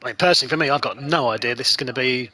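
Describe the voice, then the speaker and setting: Bright-voiced league host. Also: male voice, medium pitch, racing. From North Kent, England. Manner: dry, teasing banter. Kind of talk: casual live race commentary.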